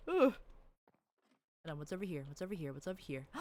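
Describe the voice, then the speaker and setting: A woman's voice: deep voice, animated, fast, pauses often, darkish tone, no echo. A woman livestreaming a video game, chatting casually to her viewers, rambling and giggling, and squealing over cute characters. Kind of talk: casual gameplay commentary to chat.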